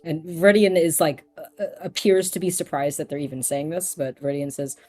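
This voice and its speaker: A woman's voice: deep voice, fairly quick, dark tone, soft background music. A woman narrating as game master of a tabletop role-playing game, rambling with many fillers. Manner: rambling, lots of fillers, laughs easily.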